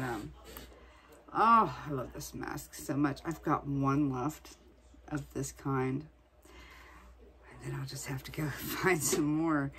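A woman's voice: low-pitched, slightly rough. A woman vlogger chatting casually, venting in a blunt, profane way. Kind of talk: casual chat.

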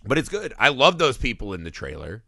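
Animated, bright-voiced podcast guy. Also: medium pitch, a little fast, gravelly, no echo, clean studio sound. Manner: animated, profane, acts out movie lines. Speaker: podcast co-host. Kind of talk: casual film review chat.

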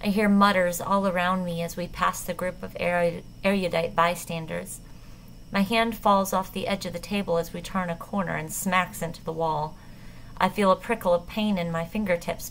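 A woman reads a novel aloud in the first person with a low voice full of vocal fry. Her delivery is measured and tense. Faint noise sits under the reading. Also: fairly even intonation, a bit bright, rough recording. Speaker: audiobook narrator.

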